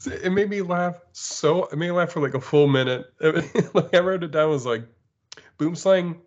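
A man co-hosting a casual podcast, laughing often and retelling scenes in an animated way. The sound is slightly dull and lo-fi. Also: on the high side, normal speed. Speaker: podcast co-host. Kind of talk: casual chat.

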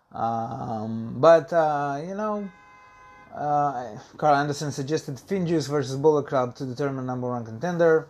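Male podcast host, slightly higher voice, casual and loose, fills gaps with ums and restarts. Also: animated, measured pace, a little mellow. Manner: chatty, loose, many ums and uhs; self-correcting, repeats words. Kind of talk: casual solo podcast review.

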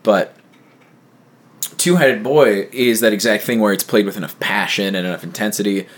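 A man's voice: lowish voice, moderate pace, husky. A man hosting a casual podcast discussion about albums, thoughtful and steering the talk. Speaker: podcast host.

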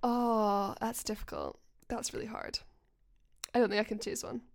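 A woman's voice: mid-range voice, wildly swooping pitch, normal speed, vocal fry, dry recording, studio quality. Upbeat young woman guest interviewer. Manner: upbeat, encouraging. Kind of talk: casual podcast chat.

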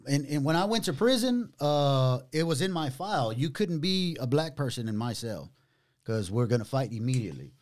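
Middle-aged man, pastor and podcast host, casual animated storyteller. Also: medium pitch. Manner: animated storytelling, drawn-out words, casual slang. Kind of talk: conversational testimony.

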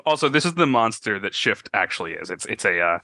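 A man running a comedic tabletop game as game master, playful and quick to laugh. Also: on the low side, sing-song, sharp tone, no room sound. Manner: playful, joking, breaks into laughter.

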